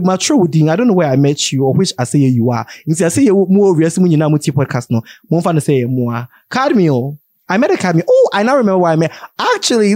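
A man's voice: fairly high pitch, darkish tone, no echo, clean studio sound. A young man with a Ghanaian accent hosting a podcast in a playful, joking way, slipping into pidgin. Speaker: podcast host. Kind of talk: casual podcast chat.

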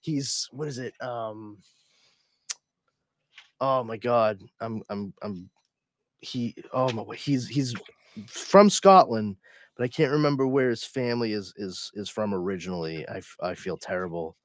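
A man's voice: on the low side, measured pace, no echo. A man hosting a casual podcast chat over a video call. He rambles with many restarts and laughs often. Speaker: podcast host.

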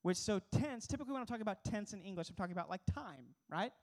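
A man's voice: high-pitched, animated, very fast. A young man preaching as a pastor, earnest and emphatic, asking the congregation rhetorical questions. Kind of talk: sermon.

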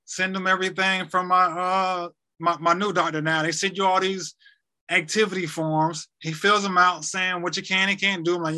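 A man's voice: high voice, level tone, normal speed, sharp tone. A young man casually telling a personal story, rambling and repeating himself as he acts out conversations.

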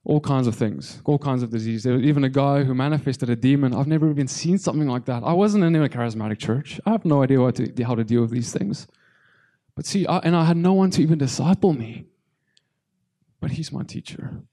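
Soft-toned man preaching a halting testimony. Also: mid-range voice. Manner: halting, repeats words, addresses congregation. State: tearful. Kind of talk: testimony sermon.

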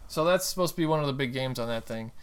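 A man's voice: mid-range voice, fast talker, smooth. A man co-hosting a casual podcast, rambling about TV and games with dry jokes and trailing restarts. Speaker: podcast co-host.

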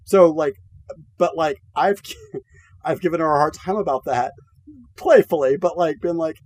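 A man's voice: a little high, moderate pace, darkish tone. A man co-hosting a podcast in casual chat, cracking jokes and stumbling over repeated restarts. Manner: joking asides, stammering restarts. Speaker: podcast co-host.

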